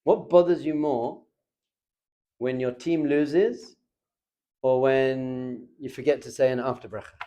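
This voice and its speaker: A man teaching a lively Torah class in a classroom. He acts out little scenes and chuckles often as he talks. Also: mid-range voice, slow, long pauses.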